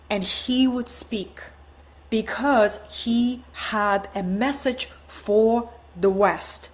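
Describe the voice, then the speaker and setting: A woman hosting an online teaching event, telling an inspiring story in an earnest way and often checking in with her listeners. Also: a little high.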